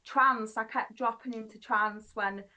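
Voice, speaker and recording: A woman, a guest medium, talking in a quick, chatty way with frequent laughter. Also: a little high, steady tone, sharp tone. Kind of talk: casual conversation. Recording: muffled lo-fi audio.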